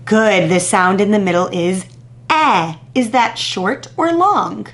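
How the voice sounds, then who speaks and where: A woman teacher leading a phonics warm-up for young children, sounding out words crisply and praising each answer patiently. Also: mid-range voice, expressive. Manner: patient, drawn-out, encouraging praise after pauses. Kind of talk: slow, deliberate phonics lesson to young children.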